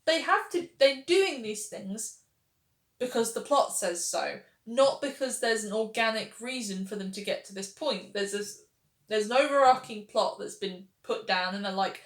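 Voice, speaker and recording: A woman's voice: medium pitch, normal speed, fairly bright tone. A woman giving casual, sarcastic commentary on a television series, exasperated with its writing. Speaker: pop culture reviewer. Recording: roomy echo.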